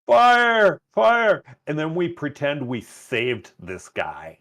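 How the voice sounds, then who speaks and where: A man playing a tabletop game over an online call, playful and laughing often as he pitches schemes. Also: very animated, slow pace, a bit bright. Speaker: player. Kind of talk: casual game table chat.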